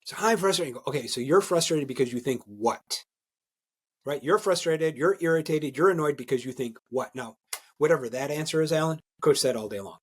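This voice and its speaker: A husky man with a fairly high voice, explaining leadership ideas in a lively podcast chat. He talks with emphatic energy, keeps checking in with "right?", and trips over repeated words when excited. His tone is slightly raspy throughout. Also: a little fast. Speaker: executive coach and guest. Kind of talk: conversational podcast interview.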